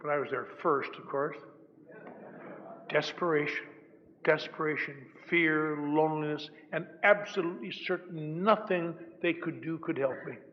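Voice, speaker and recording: An older man speaks at a recovery meeting in a fairly high voice and tells his story with wry, self-mocking humor. It is a dull old recording with a long hall echo and faint background hiss. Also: measured pace.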